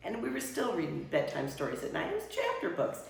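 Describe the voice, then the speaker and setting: Animated older woman storytime reader. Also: mid-range voice, fast talker, vocal fry. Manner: animated storytime voice, big swoops and playful exclamations. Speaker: retired children's librarian leading a workshop. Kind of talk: reading-aloud workshop demonstration. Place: workshop room. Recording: echoey room, voice from far off.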